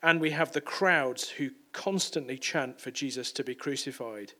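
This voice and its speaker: A man's voice: medium pitch, normal speed, bright, forceful tone. A man preaching a sermon in a conversational way, often repeating and correcting words.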